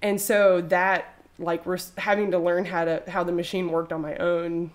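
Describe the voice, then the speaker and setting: A woman's voice: fairly low pitch, level tone, normal speed. A woman in her thirties, a textile artist, chatting casually in an interview and rambling with lots of fillers.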